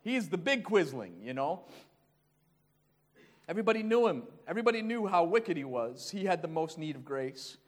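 A man preaching a sermon, dropping into hushed low asides and then building to loud, raised passages. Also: sing-song, moderate pace.

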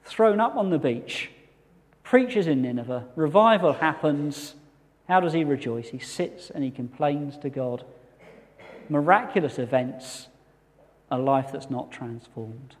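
A man preaching a sermon as a pastor, earnest and measured with touches of light humour. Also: on the high side, lively intonation. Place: church hall. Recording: long hall reverb.

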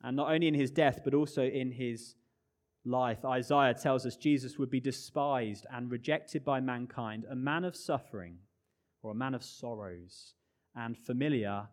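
Guy preaching a sermon, earnest, goes quiet and low then builds back up, mid-pitched voice. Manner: earnest, swings from loud emphasis to hushed low phrases.

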